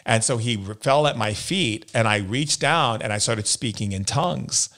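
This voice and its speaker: Medium-pitched and a bit bright, this American man speaks at normal speed as an interview guest. Sitting down for the interview, he shares personal stories earnestly, acting out other people's words.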